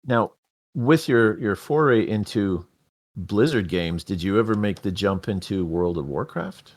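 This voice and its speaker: A man's voice: on the low side, measured pace, darkish tone. A man hosting a casual podcast interview, rambling a little and restarting his sentences. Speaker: podcast host.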